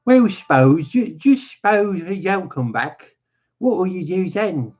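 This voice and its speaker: A man's voice: high-pitched, expressive, unhurried, pitched above the performer's own voice. Man putting on a lonely needling old stable hand. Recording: dull lo-fi.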